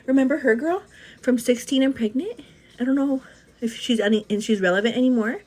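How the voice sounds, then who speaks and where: A woman's voice: high-pitched, a little fast. A woman in her thirties hosting a beauty livestream, talking non-stop and a bit out of breath, calling her viewers "girl" as she answers their comments. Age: 30s. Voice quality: energetic, hyperactive delivery. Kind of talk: casual livestream chat.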